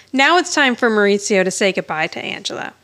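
A woman's voice: mid-range voice, big pitch swings, moderate pace, a bit bright. A woman co-hosting a podcast, chatting casually as she recaps an episode, laughing often and acting out quoted lines. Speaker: podcast co-host.

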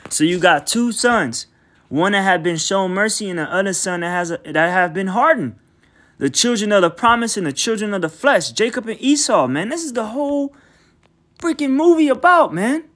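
A man with a fairly high voice works through scripture in a loose, street-level teaching style. He reads each verse aloud, then breaks it down in blunt, profane slang and keeps returning to "man" for emphasis. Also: animated, normal speed, a bit bright. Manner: emphatic, repeats filler "man". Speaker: bible teacher.

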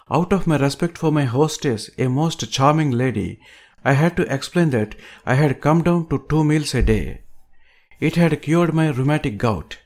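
A man reading an audiobook aloud with a measured, emphatic delivery. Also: mid-range voice, darkish tone. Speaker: audiobook reader.

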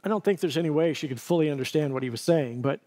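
Earnest storytelling male pastor, slightly high. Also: fast, warm tone. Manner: storytelling, vivid and earnest, with self-corrections. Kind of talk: sermon.

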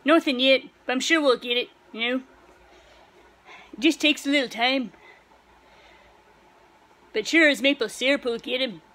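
A woman performing comedic skits, trading quick short lines between several characters. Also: sits high, a bit bright, poor audio. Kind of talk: comedic skit dialogue.

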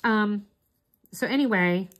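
A woman's voice: mid-range voice, takes it slowly. Chatty middle-aged woman crafting vlogger. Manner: rambling, chatty storytelling. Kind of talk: casual chat while doing diamond art.

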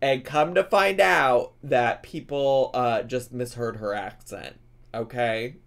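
A man streaming a casual reaction commentary, animated and often incredulous, laughing as he talks. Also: mid-range voice, a little slow.

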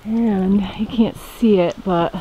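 Recorded in low quality with a little hiss or hum and music playing behind her, this woman vlogs from her off-grid tent camp in the woods. Her medium-pitched voice is slow and chatty, turning soft and fond whenever she talks to her dog, which is often.

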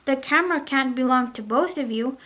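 A kind female schoolteacher in a storybook, as a woman reads her lines aloud. She speaks calmly and reassuringly in a high voice. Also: a little fast.

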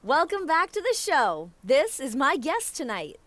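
An actress voicing a backstage interviewer in a wrestling video game, with brisk presenter lines. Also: female voice, high voice, wildly swooping pitch, fairly bright tone, no echo, exaggerated voice. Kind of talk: scripted TV-style interview lines.

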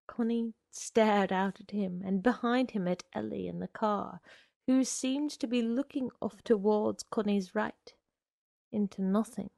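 Slow, gravelly woman narrating. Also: medium pitch, darkish tone, dry recording. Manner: measured, unhurried narration. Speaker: reader. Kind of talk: reading a short story aloud.

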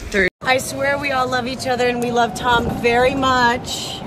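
A woman's voice: on the high side, little pitch movement, normal speed. A woman chatting casually and teasing her castmates while filming behind the scenes. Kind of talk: casual chat. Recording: noisy outdoor vehicle ambience.

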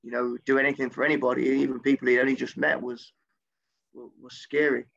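Gravelly, husky man, former footballer, animated and sweary anecdote on a dull lo-fi recording. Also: mid-range voice, quick pace. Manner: animated, swears freely, voice jumps up when quoting himself. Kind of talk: casual storytelling anecdote.

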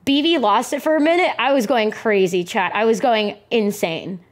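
A young woman streamer chatting casually to her viewers, giggly and excitable, and she swears freely. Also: on the high side, normal speed. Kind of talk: casual live-stream chat.

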